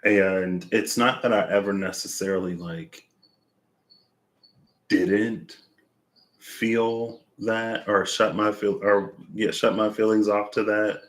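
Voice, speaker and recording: A man's voice: lowish voice, steady tone, slow. A man doing a tarot reading, thinking aloud in a rambling, searching way with lots of fillers. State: out of breath. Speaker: tarot reader. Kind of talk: reflective casual monologue.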